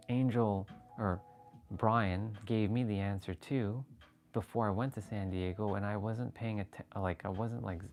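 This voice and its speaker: A man hosting a casual livestream, talking excitably with rambling restarts and sudden jumps in voice as he relives moments, swearing freely. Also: on the low side. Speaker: livestream host. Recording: faint background music.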